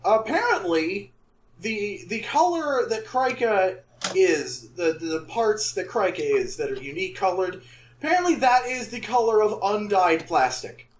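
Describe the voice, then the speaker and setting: High, lively man in an echoey room. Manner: excitable, quick to joke. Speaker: podcast co-host. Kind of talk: casual chat.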